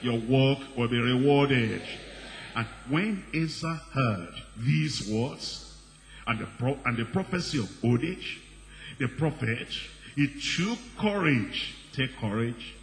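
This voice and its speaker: Guy preaching a sermon, repeats lines and builds up loud, big hall echo, a bit of hum behind. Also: animated, takes it slowly. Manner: emphatic, repeats phrases and swells in pitch and volume. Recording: reverberant hall with faint background noise.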